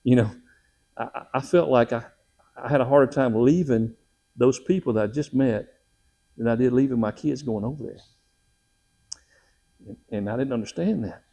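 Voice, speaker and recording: A man's voice: mid-range voice, moderate pace, gravelly, long pauses, warm tone. A middle-aged man, a missionary, telling a personal testimony in a folksy, emotional way with frequent laughs.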